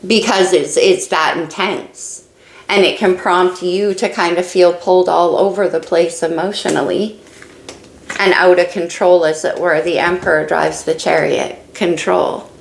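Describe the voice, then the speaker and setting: A woman's voice: fairly low pitch, steady tone, measured pace, gravelly, roomy sound, slight background noise, poor audio. A woman doing a casual tarot reading, musing and thinking aloud as she turns each card. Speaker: tarot reader.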